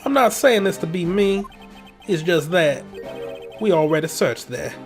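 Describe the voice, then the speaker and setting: A man's voice: high-pitched, lively intonation, measured pace, faint music behind, pitched above the performer's own voice. A man voicing a brash, cocky male investigator in blunt game dialogue. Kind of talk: reading game dialogue aloud.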